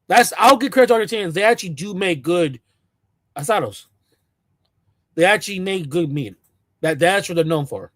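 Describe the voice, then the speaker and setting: A man's voice: sits high, lively intonation, moderate pace, long pauses, a bit bright, dry recording. A man ranting sarcastically to camera, mocking and repeating himself in bursts. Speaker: commentator.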